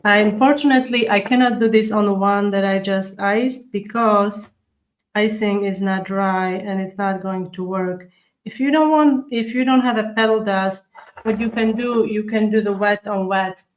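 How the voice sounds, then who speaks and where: Decorating at her table, the host of a cookie-decorating livestream leads a live baking tutorial, explaining each step and answering viewer comments as she works. Her mid-range voice stays level with fairly even intonation and little rise and fall, and her manner is chatty and unhurried. The recording is low-quality.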